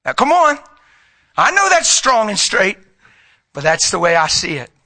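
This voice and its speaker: A middle-aged male preacher with a very bright, ringing voice that sits a little high. He preaches with fervor, calling out to the congregation, then dropping to a hushed tone. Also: huge pitch swings, measured pace. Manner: emphatic, call-and-response, swings from loud to hushed. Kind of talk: sermon.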